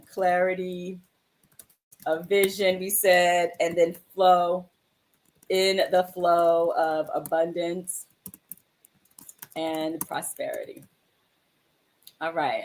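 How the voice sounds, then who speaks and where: A woman with a lowish, darkish voice speaks slowly, with little pitch movement and frequent pauses. Hosting a livestream mindfulness show, she chats casually with viewers, affectionate and encouraging, calling them "my love" and "sis."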